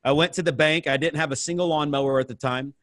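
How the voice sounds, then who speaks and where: An American man from the Midwest, in his thirties, tells his story as an interview guest. His voice sits somewhat high, and he talks in a lively, animated way, acting out the dialogue. The recording is dry and close, with almost no room sound. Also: fast talker, no room sound. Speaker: entrepreneur guest.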